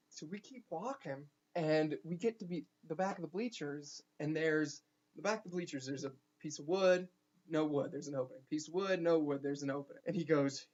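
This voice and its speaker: A young man, a teacher, telling a funny story casually with animated asides and quick restarts. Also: on the high side. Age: young adult. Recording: dull lo-fi recording.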